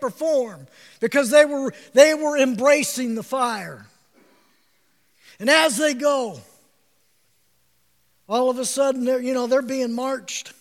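A man preaching an emphatic sermon, calling out to his listeners for responses and breaking into shouts. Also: very high-pitched, big-room sound.

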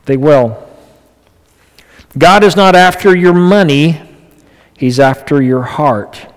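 A pastor giving a conversational sermon to his congregation, moving between quiet asides and emphatic, raised passages. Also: on the high side, slow, big-room sound, poor audio.

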